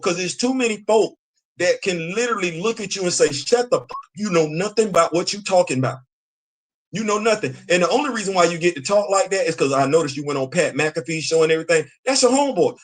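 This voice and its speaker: Animated man hosting a live chat show. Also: fairly high pitch. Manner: animated, talks back to chat, repeats himself for emphasis. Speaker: show host. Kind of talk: casual livestream commentary.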